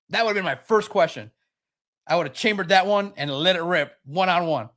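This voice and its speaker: A man's voice: sits high, expressive, a little fast, a bit bright. A man hosting a sports podcast, talking casually and with animation, slipping into mocking impressions of others.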